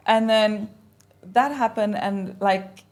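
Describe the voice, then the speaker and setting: A young woman, a podcast guest, telling a personal story in a casual, animated way and acting out the conversations she recalls. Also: medium pitch, slow. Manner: animated, acts out quoted exchanges.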